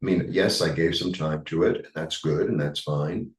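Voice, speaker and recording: A man with a New York accent giving a rambling, halting tarot reading, full of fillers. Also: extremely low pitch, reverberant, far from the mic, low-quality recording. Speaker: tarot reader. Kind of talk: casual spiritual monologue.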